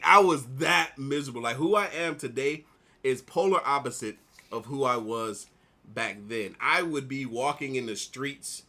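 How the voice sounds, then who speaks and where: A man in his thirties, an artist vlogger, casually telling a personal story in a rambling, animated way while he works on a drawing. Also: mid-range voice. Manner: rambling, animated retelling with repeated "like".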